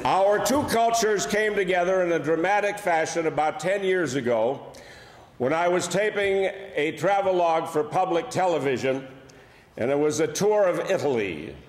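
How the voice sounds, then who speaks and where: His voice is a little high, with lively intonation and a normal speed: an older Buffalo, New York comedian, accent intact, telling wry stories with dry punchlines. The setting is a large church hall, recorded with echo and long reverb.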